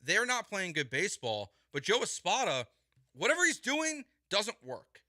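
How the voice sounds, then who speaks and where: A male sports radio host with a very bright, forceful voice that sits a little high for a man. He argues in an emphatic, exasperated way, hammering points home by repeating words. The sound is dry and close. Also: wildly swooping pitch, normal speed, dry recording. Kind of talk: heated sports talk.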